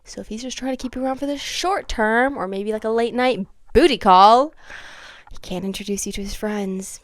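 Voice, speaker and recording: A young woman chatting casually on her vlog, swinging from hushed asides to dramatic near-yelling. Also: a little high, moderate pace, dry recording. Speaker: vlogger. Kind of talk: casual chat.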